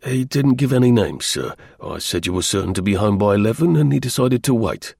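A man's voice: lowish voice, animated, a little fast, vocal fry, a little mellow, slightly rough, no echo, studio quality, exaggerated voice. A man reading the part of a deferential manservant, polite and respectful.

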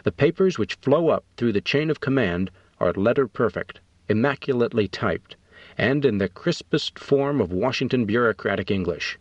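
A man narrating an audiobook in a measured, matter-of-fact way. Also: medium pitch, lively intonation, no echo. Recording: dull, dry recording.

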